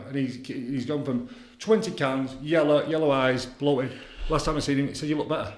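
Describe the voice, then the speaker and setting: A man's voice: medium pitch, steady tone, moderate pace. A man, an addiction counsellor, talking bluntly and boastfully in a podcast chat, swearing freely. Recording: echoey room.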